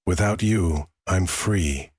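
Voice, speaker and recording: A man with a husky voice voicing a defiant young bride in a dry, close recording. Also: low-pitched, slow pace, a little mellow, no echo, heavily acted.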